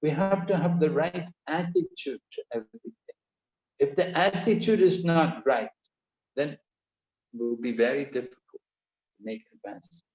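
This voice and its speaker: A man with a slightly high voice gives an earnest, explanatory lecture, pausing to repeat key phrases for his students. The sound is roomy and echoey, with a dull, muffled tone like an online call. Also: expressive. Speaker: teacher. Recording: echoey, dull-toned video call audio.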